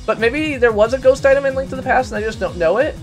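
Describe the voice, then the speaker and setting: A man hosting a live game stream, chatting casually and ranting loudly in rambling asides. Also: extremely high pitch, fast talker, soft background music.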